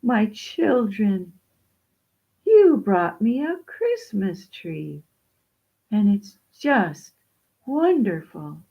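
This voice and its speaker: A woman's voice: medium pitch, very animated, extremely slow, creaky, long pauses, dark tone, breathy edge, dull audio, voice pushed up, heavily acted. A woman voicing a poor, kindly old widow in a storybook tale, fond and gushing. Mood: delighted.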